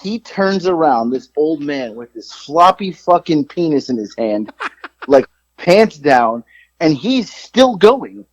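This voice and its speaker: Profane, animated man telling stories. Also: takes it slowly, no echo. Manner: animated storyteller, jumps high when quoting himself, swears freely. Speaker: podcast co-host. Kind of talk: casual storytelling chat. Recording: slightly dull lo-fi sound.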